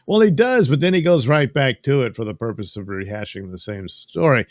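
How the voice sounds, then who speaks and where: A man's voice: on the low side, brisk, few pauses, dry recording. A man casually recapping a comic book with rambling, folksy, wry asides as host of his own show.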